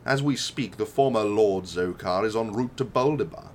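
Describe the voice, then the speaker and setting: A man's voice: fairly low pitch, normal speed, slight background noise, natural voice. A man playing an officer who talks in a curt, matter-of-fact way. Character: brisk male officer dismissing a prisoner.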